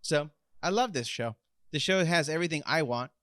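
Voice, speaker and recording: A young adult man co-hosting a casual podcast chat, animated and excitable, swearing freely. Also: fairly high pitch, a little fast, no room sound, studio quality. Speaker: podcast co-host.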